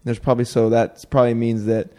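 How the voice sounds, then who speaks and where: A man's voice: mid-range voice, level tone, fast talker, warm tone. A man hosting a podcast, talking casually and rambling, with lots of fillers and quoted asides. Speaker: podcast host. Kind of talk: casual conversation.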